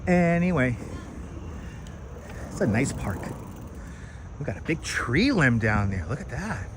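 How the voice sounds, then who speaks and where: A man's voice: mid-range voice, very animated, unhurried, noisy background. A man hosting a casual outdoor live stream while walking, reading out and thanking viewers' comments, recorded on a wireless clip-on mic. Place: outdoors on city streets and in a park.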